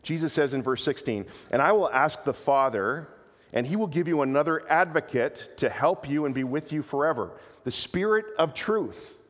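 A man preaching a sermon in an earnest, animated way, often restarting his phrases. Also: a little high, moderate pace, in a large hall. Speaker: pastor.

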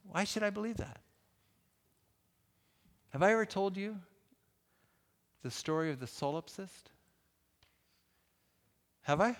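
A man speaks with a lively, bouncing delivery that swings widely in pitch and sits somewhat high for a male voice. He jokes with his listeners in an easy conversational way while giving a talk on faith at a church event. A long hall reverb follows his words through the large space. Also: slow pace, long pauses. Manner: animated, joking, conversational.

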